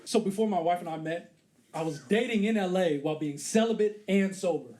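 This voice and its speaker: A man in his thirties performing a stand-up comedy set on a theater stage, acting out scenes with put-on voices and loud exclamations. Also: sits high, a little fast, a little hiss or hum. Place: comedy theater stage before a live audience. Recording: live crowd laughter behind.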